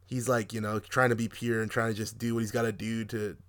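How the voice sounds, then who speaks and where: A young man co-hosting a podcast, reviewing a movie in casual chat, animated and profane, laughing often and acting out quotes. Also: on the low side, a little fast. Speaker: podcast co-host.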